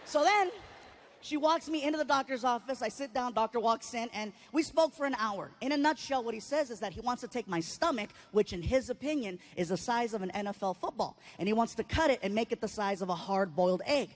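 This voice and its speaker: A woman telling a stand-up comedy story, animated and acting out voices and sounds. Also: a little high, fairly quick.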